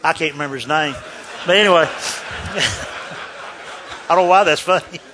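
A male preacher telling a story in a sermon, animated and laughing, swinging between loud and hushed. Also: a little high, unhurried, noisy background.

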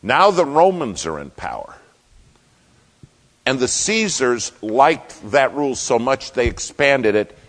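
A man preaching a sermon as pastor, emphatic, swinging between loud declarations and hushed asides. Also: mid-range voice, big pitch swings, slow pace, in a large hall.

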